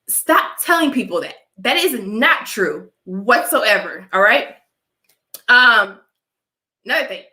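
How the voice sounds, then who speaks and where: A woman's voice: a little high, bright, forceful tone, roomy sound. Emphatic woman with a dry cough. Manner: emphatic, repeats "all right?" to viewers. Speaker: livestream host. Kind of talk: live-streamed opinion talk.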